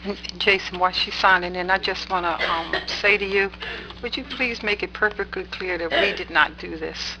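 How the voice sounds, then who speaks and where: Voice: mid-range voice, steady tone, moderate pace. A council member speaking hesitantly and apologetically during a meeting. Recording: distant mic with crowd noise.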